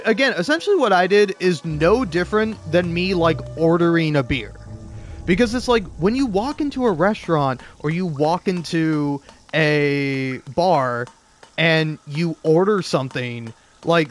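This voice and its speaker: A young man telling a casual, rambling anecdote full of restarts, fillers and swearing. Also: fairly high pitch. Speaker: podcast host.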